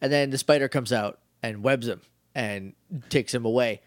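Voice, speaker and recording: A man's voice: medium pitch, moderate pace, no echo, studio quality. A man co-hosting a casual chat, recapping a TV episode and acting out characters' lines. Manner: jokey, acts out characters mid-recap. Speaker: podcast co-host.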